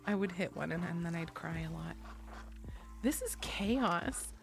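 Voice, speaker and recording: An American woman streaming, chatting casually with viewers, giggly and chatty and loudly excitable. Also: lowish voice, unhurried, gravelly, music in the background.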